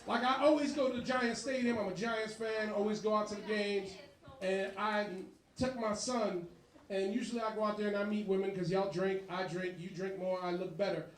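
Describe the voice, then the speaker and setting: High-voiced profane comedian. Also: male voice, echoey room, distant mic, rough recording. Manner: profane, animated, quickly switching voices. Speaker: stand-up comedian. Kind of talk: stand-up set. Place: bar comedy show.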